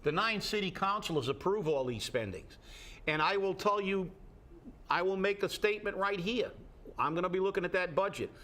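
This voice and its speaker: A man's voice: high voice, expressive, normal speed, sharp tone. A man with a New England accent giving blunt, emphatic opinions on local politics in a talk show discussion. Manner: blunt, emphatic, repeats words when restarting.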